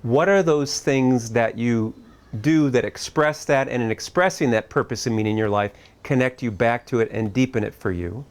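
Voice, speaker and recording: A middle-aged man giving a reflective talk at a camp. His voice sits at an ordinary pitch. He speaks conversationally, posing thoughtful questions with a touch of humor. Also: normal speed.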